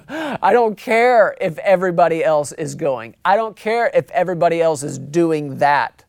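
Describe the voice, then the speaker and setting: A man's voice: high voice, moderate pace, a little mellow, clear, resonant tone, dry recording, studio quality. A man preaching a sermon, talking conversationally, repeating phrases for emphasis and acting out quotes. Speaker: pastor.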